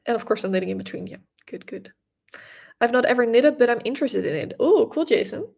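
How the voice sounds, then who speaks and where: A young woman from the Netherlands with a Dutch accent, chatting casually on a knitting livestream and answering viewers' comments with quick restarts and soft laughs. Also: a little high, animated, gravelly. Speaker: livestream host, knitting creator.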